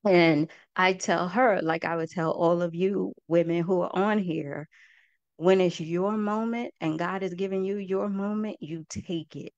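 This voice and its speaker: A woman's voice: fairly low pitch, steady tone, measured pace, no echo, highs cut off. A woman hosting a group talk for an online audience, speaking in a heartfelt, folksy way and often calling her listeners "y'all". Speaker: host and project founder.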